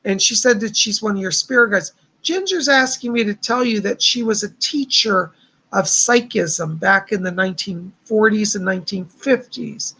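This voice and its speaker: A man's voice: high voice, normal speed, bright, forceful tone, breathy edge. A man hosting a live stream of psychic readings, talking in a chatty, reassuring way with a somewhat strained voice. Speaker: psychic host.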